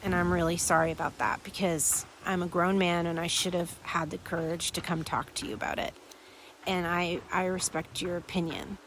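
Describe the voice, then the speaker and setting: Brief: woman doing a sorry husband, soft-spoken and halting, low and hushed. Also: little pitch movement, slight background noise. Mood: apologetic. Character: remorseful grown man apologizing to his wife.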